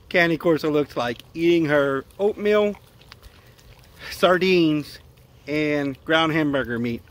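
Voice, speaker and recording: A man's voice: a little high, fairly bright tone. A man casually showing how he feeds his dog at home, rambling with lots of fillers and repeated words. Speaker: dog owner vlogger.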